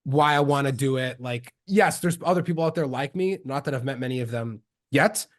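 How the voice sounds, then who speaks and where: This young Canadian podcast guest tells stories casually, using slang and acting out the people he's quoting. His voice is mid-range and his pace fairly quick.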